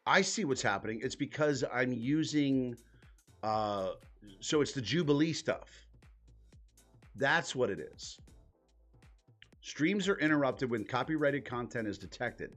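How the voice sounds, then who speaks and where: A man's voice: medium pitch, animated, unhurried, long pauses, a bit bright, faint music behind. Exasperated, profane man on a live stream. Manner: profane, exasperated, thinking aloud while clicking around. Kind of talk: casual live-stream commentary.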